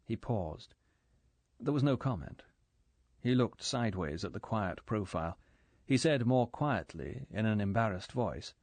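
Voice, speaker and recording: A man reading an audiobook in measured, even scripted narration. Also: on the low side, dry recording.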